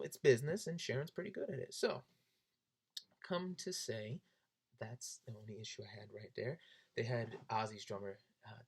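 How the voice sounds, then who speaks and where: A young man telling a story to the camera with a lively voice that swings widely in pitch. His delivery is casual and animated, and it leaps up high whenever he gets excited. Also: gravelly, husky. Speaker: vlogger.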